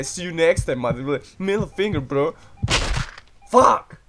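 A man's slightly high, wildly swinging voice runs through unhurried, profane gameplay commentary. He taunts a character and bursts into yelps, and a steady hiss of noise sits under the recording. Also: gravelly. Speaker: gaming video host. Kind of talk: profane, goofy let's-play commentary.

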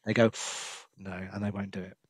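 A laid-back man co-hosting a car podcast, his voice sitting a little low. He keeps his answers short and casual. The recording is dry with no room sound. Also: level tone, moderate pace, no room sound, poor audio. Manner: laid-back, brief replies. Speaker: podcast co-host. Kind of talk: casual chat.

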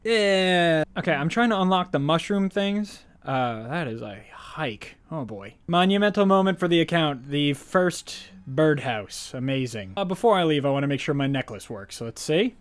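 A man giving casual, goofy gameplay commentary, excitable one moment and mumbling the next. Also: on the high side, normal speed, hardly any pauses, clean tone. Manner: goofy, excitable, swings between shouts and mumbles. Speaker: gaming YouTuber.

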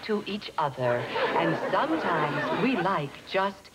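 Mouthy designer lady, low lively voice, sarcastic, loud studio audience noise. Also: takes it slowly, over a noisy crowd. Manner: sarcastic, indignant speechmaking. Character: sharp-tongued Southern woman designer.

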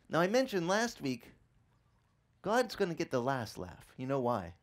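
A middle-aged male pastor preaches a sermon a little slowly, his pitch swinging in a lively way. Telling the story, he acts out the quotes and breaks into laughter.

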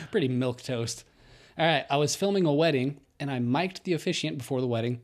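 Young male podcast co-host, mid-range voice, animated reader who laughs a lot. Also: mid-range voice, moderate pace. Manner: laughs often, animated storytelling. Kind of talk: casual chat, reading a listener story.

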